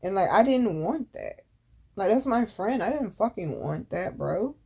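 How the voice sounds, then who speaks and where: A woman's voice: medium pitch, sing-song, measured pace, vocal fry, darkish tone, breathy edge. A woman hosting a podcast, telling a personal story casually with candid, profane slang and emphatic asides. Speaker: podcast host.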